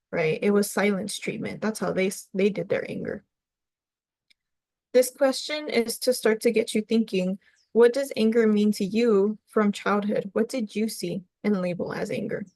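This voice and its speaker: A woman's voice: mid-range voice, fairly even intonation, normal speed, darkish tone, no echo. Woman counselor talking parents through stuff, casual, keeps saying right?, pretty dry close sound. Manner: conversational, often tags on "right?". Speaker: family counselor. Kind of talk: webinar presentation for parents.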